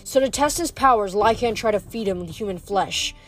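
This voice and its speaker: A woman's voice: medium pitch, normal speed, faint music behind, close to an everyday voice. A woman voicing an anxious teenage girl demigod who explains things earnestly.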